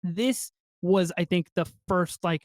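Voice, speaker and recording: A man co-hosting a podcast in casual film review chat, excitable and swearing freely as he acts out movie lines. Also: high voice, takes it slowly, dry recording. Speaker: podcast co-host.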